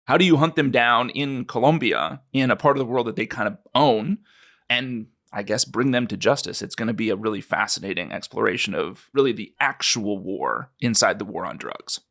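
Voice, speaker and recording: A man co-hosting a podcast. He speaks in an energetic, loose and chatty way. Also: fairly low pitch, normal speed, creaky. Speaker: podcast co-host. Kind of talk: conversational podcast chat.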